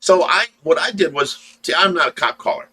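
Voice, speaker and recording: Ohio man, casual storyteller, bright slightly high voice, repeats himself. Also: animated, brisk, husky, poor audio. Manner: rambling, repeats words, acts out dialogue. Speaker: livestream host.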